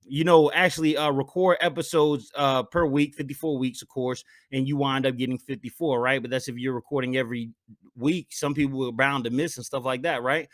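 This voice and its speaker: A man hosting a solo podcast, talking casually and getting animated, dropping "man" into almost every sentence. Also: medium pitch, fairly quick. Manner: animated, hypes himself up, says "man" a lot. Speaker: podcast host.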